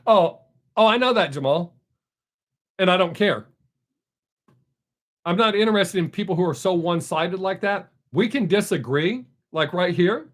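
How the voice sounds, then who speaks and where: A man's voice: high-pitched, lively intonation, normal speed, long pauses. A man hosting a casual live stream, answering viewer comments in a blunt, opinionated way.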